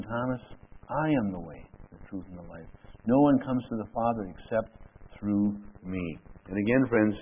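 Male preacher, husky voice, emphatic sermon delivery, thin phone-band radio sound. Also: medium pitch. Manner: emphatic, swings between loud declaring and quiet asides. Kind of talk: sermon with scripture reading. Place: church with overhead projector. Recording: tinny phone-like radio broadcast.

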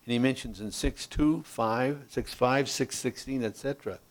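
Speaking a little slowly in a medium pitch, a man teaches the Bible verse by verse, pausing to ask "okay?" as he explains each passage and reading verses with mounting emphasis.

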